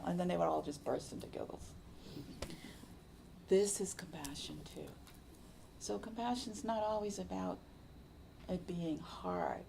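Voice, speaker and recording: A woman meditation teacher speaking in a low, gravelly voice during a dharma talk. She talks slowly and reflectively, often sinking into a soft, whispery hush. A faint room ambience sits behind her. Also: fairly even intonation, slight background noise. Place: meditation center hall.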